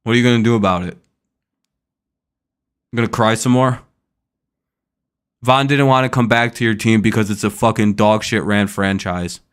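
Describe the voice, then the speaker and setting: A man's voice: on the low side, steady tone, normal speed, long pauses, clear, resonant tone. A young man hosting a casual live stream, first reading news, then ranting in an irritated, profane way at a viewer in the chat. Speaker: streamer host.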